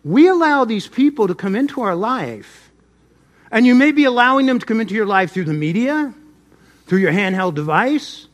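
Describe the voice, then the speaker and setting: High-voiced middle-aged preacher man. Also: expressive, normal speed. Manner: swings between loud emphasis and soft asides. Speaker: pastor. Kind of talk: sermon.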